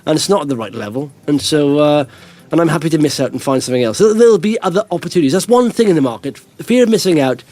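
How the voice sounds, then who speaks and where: A man's voice: a little high, expressive, very fast, a little mellow. A middle-aged man hosting a podcast, telling rambling anecdotes in casual chat and chuckling often. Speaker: podcast host.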